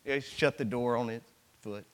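A man preaching a sermon, retelling scripture as an animated storyteller with exclamations. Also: medium pitch, moderate pace, in a large hall.

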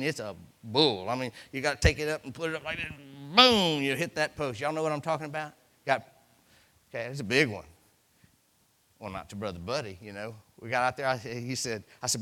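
Preacher guy telling folksy stories, bright voice that jumps all over the place. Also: on the high side, expressive, a little fast. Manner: folksy storytelling, acts out voices, repeats words for effect. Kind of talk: sermon.

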